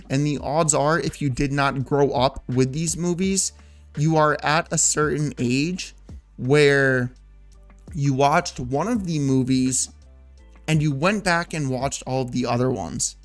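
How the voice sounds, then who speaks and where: A gaming YouTuber in his thirties rambles through casual vlog commentary, packing in "like" and interrupting himself with restarts. His mid-range voice is a little slow, with faint music behind.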